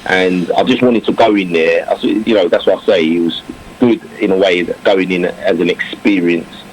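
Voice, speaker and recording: A former English cricketer chatting in an interview, reflective, with many fillers and restarts. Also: male voice, sits low, fairly even intonation, moderate pace, low-quality recording. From England. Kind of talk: casual interview talk. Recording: faint background noise.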